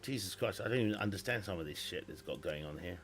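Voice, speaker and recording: A man's voice: deep voice, expressive, fast, fairly bright tone, slight background noise. Chatty man streaming a game. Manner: rambling, chatty, restarts and self-corrects. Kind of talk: casual live-stream gaming commentary. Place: at home with family nearby.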